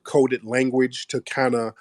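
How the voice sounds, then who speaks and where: A man's voice: medium pitch, little pitch movement, unhurried, no echo, clean studio sound. A man hosting a live call-in audio show, blunt and joking. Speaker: host.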